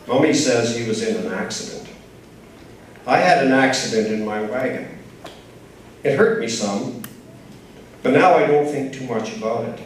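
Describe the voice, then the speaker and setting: A man reading his own short story aloud at a writers' group, in a measured, plain storytelling manner. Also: medium pitch. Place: writers' group reading, large echoey room. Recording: very echoey room, from far off, faint noise.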